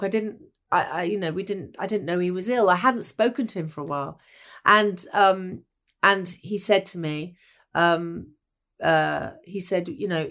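A woman from England looks back on her radio years in an easy conversation. She tells her stories with energy and acts out the voices of the people she quotes, her pitch sitting at an ordinary middle height. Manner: animated storytelling, acting out quoted voices. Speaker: broadcaster and guest. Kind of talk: reminiscing conversation.

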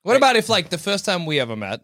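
A man with a fairly high, very animated voice bantering on a comedy podcast. He laughs easily and drops absurd asides into the talk. The recording is dry and close. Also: fast talker, no room sound. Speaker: podcast co-host. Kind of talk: casual comedic chat.

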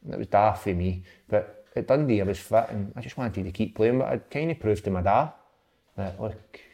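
A man's voice: lowish voice, a little fast, mellow. A Scottish man, a former footballer, chatting casually and rambling through anecdotes with the odd swear word. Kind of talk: casual chat about his playing days.

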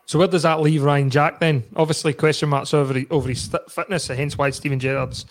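Scottish man, podcast host, slightly high voice, question-led banter. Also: steady tone, a little fast. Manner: leads the chat with questions, sweary banter. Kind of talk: casual football chat.

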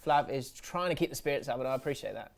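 A man's voice: mid-range voice, fast, vocal fry. A man hosting a casual podcast, chatty and teasing, often mimicking his friends mid-story. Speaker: podcast host. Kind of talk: casual banter.

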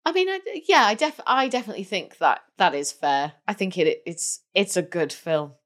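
A woman's voice: on the low side, animated, normal speed. A woman co-hosting a film podcast, thoughtful and hesitant, with lots of 'like' and 'um'. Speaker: podcast co-host. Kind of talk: casual chat.

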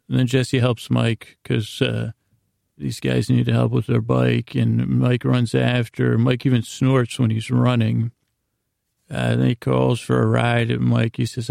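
A man hosting a slow bedtime podcast, recapping a TV episode in a meandering, hesitant way with frequent restarts. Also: mid-range voice, monotone, creaky, darkish tone, no room sound, clean studio sound. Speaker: podcast host.

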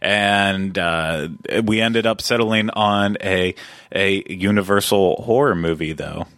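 A man's voice: low-pitched, slow, fairly bright tone, dry recording. A man co-hosting a podcast in a casual, rambling chat, often chuckling as he talks. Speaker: podcast co-host.

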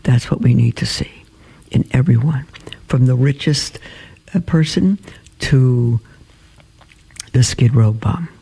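Male radio host, middle-aged, gentle earnest delivery, dark gravelly tone. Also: mid-range voice, slow, long pauses. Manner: gentle, earnest, with hesitant fillers. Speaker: host of a Catholic call-in radio show. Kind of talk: live radio talk, reading a story aloud.

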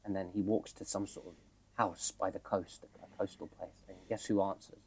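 A man's voice: low voice, moderate pace, breathy edge. A young man, co-host of a casual podcast, animatedly recounting a film plot with laughs and swearing. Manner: animated, laughing, swearing, acts out quoted lines.

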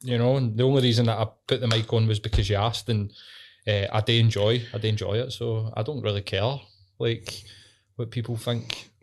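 A man's voice: on the low side, steady tone, a little fast. A man with a Scottish accent co-hosting a podcast, easygoing and sweary, calling his pal "mate.". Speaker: podcast co-host. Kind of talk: casual chat.

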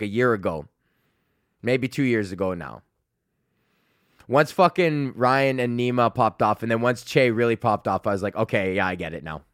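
A man's voice: medium pitch, a bit bright, dry recording, clean studio sound. A young man hosting his own comedy podcast, ranting with constant swearing and frequent laughter. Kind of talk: profane solo rant.

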